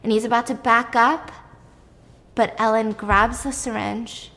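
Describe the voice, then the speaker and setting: Animated young woman retelling a movie. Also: fairly high pitch, measured pace, gravelly, in a large hall. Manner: animated, swears casually. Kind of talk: casual film plot recap.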